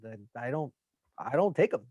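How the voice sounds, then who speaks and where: A man's voice: mid-range voice, sing-song, fairly quick, darkish tone, dry recording. A young man, a podcast co-host, in casual chat, telling a rambling story full of swearing.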